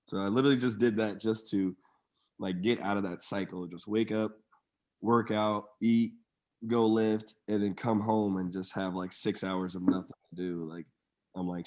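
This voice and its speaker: A young man with a very low voice talks in a laid-back, slangy way. His delivery stays flat and even, with little rise and fall. He is a guest on a casual podcast, telling his own story. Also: moderate pace. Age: young adult. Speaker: guest, pro football player.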